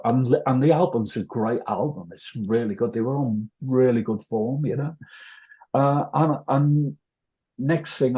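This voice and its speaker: An older man from North Wales, with the accent to match, appears as an interview guest telling rambling, self-deprecating stories. His mid-range voice has a mellow quality, and the conversation is casual.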